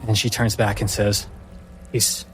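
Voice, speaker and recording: Man narrating slowly as game master. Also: mid-range voice, faint music behind. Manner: slow, dramatic descriptive narration.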